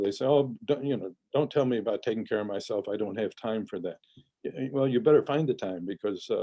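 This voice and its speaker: An older man, a parenting expert, giving measured advice in an interview with frequent restarts and fillers. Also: mid-range voice, gravelly, mellow, breathy edge, poor audio.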